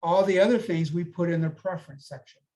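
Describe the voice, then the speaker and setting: A man's voice: a little high, fast, mellow, rough recording. A man working as a recruiter, giving conversational career advice on a panel and checking in with his listeners as he goes. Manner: conversational, advising with frequent "okay?" check-ins.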